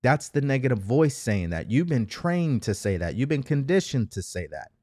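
A man's voice: medium pitch, sing-song, moderate pace, darkish tone, dry recording, clean studio sound. A man giving an emphatic motivational talk, full of rhetorical questions and repeated phrases. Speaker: motivational speaker. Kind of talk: motivational monologue.

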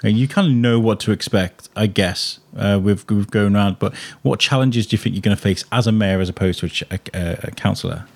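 A man's voice: lowish voice, a little fast, vocal fry, hardly any pauses, a little mellow. A man hosting a podcast, chatting casually with a guest and using plenty of filler words. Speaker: podcast host. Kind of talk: casual interview chat.

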